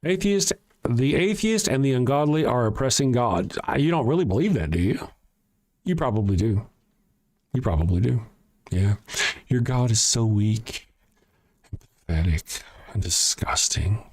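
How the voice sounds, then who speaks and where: A man hosts a livestream on his own, reading viewer comments and firing back with sarcasm and plenty of swearing. His voice sits at an ordinary middle pitch, and he talks in a loose, conversational way into a desk mic. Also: big pitch swings, normal speed, darkish tone. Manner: blunt, sarcastic and profane, argues with chat. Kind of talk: casual livestream rant.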